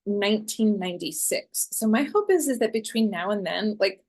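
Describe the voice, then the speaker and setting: Forties woman, guest lecturer, middle pitch, casual and talky delivery with plenty of ums. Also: normal speed, hardly any pauses. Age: 40s. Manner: chatty, frequent ums and restarts. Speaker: guest speaker. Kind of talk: conversational lecture presentation.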